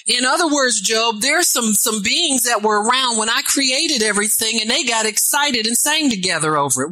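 Woman preacher, bright punchy voice, dry close sound, keeps asking the crowd "huh?". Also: on the high side, lively intonation, a little slow, dry recording, low-quality recording. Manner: call-and-response asides, rising to shouts. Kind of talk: sermon.

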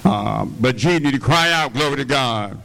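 A man's voice: mid-range voice, lively intonation, moderate pace, vocal fry, fairly bright tone. An older man preaching a sermon, filling his lines with amens, hallelujahs and call-and-response, with a slight cough. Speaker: pastor.

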